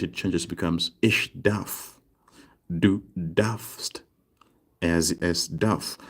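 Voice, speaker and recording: Slow, husky man teaching a lesson. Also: low-pitched. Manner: slow, deliberate explaining with drawn-out example words. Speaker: language teacher. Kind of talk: online language lesson.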